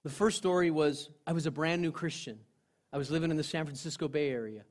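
A male pastor preaching a sermon, telling personal stories in an earnest way, dropping to a hush and then rising again. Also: a little high, fast. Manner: earnest storytelling, swinging from loud to hushed.

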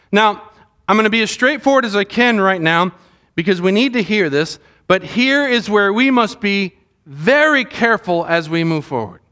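A man's voice: high-pitched, bright, forceful tone. A middle-aged man preaching a sermon as a pastor, earnest and conversational, with asides to his audience.

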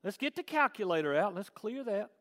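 A man's voice: high voice, sing-song, brisk. A man preaching a sermon to his church, conversational one moment and emphatic the next. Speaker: pastor. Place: large church hall. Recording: long hall reverb.

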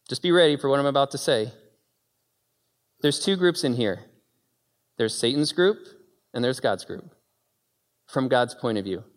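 A man delivers a sermon in a voice pitched a little high. He shifts between quiet, low storytelling and loud, high-pitched bursts. A long reverb from a church hall trails after him. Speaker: pastor.

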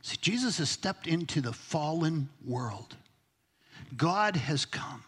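A man's voice: fairly high pitch, animated, takes it slowly, fairly bright tone, husky. A man preaching a sermon as pastor, emphatic, sometimes dropping to a near-whisper to stress a point. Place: church sanctuary. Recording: long hall reverb.

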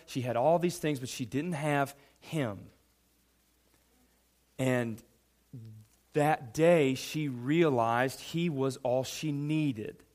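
A man preaching a sermon, emphatic and animated, speaking directly to a young congregation. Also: on the high side. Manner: addresses a youth audience directly. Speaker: pastor.

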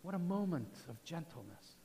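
Male pastor preaching, fairly high voice, goes loud then real hushed, long hall echo. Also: big pitch swings, normal speed, gravelly. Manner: swings from loud proclaiming to soft hushed tones. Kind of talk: sermon.

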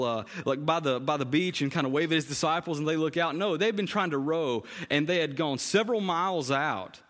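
In a church sanctuary, a man delivers a conversational sermon, frequently repeating phrases for emphasis. His voice runs on the high side with a fairly bright tone, and the recording carries a long hall reverb.

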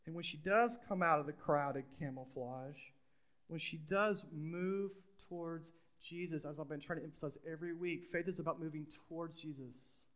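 A man's voice: fairly high pitch, moderate pace, fairly bright tone. A middle-aged man preaching a sermon in a conversational way, repeating phrases and putting questions to the congregation. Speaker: pastor.

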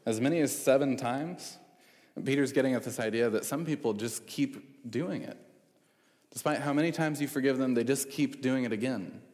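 A man's voice: medium pitch, fairly quick, a little mellow. A man giving a sermon as a preacher, talking conversationally with frequent fillers and restarts. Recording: long reverb in a large hall.

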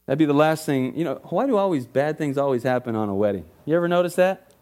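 A man's voice: fairly high pitch, animated, fast, a little mellow. A man preaching a sermon to a congregation, reading scripture with rising emphasis and dropping into joking asides. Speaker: pastor.

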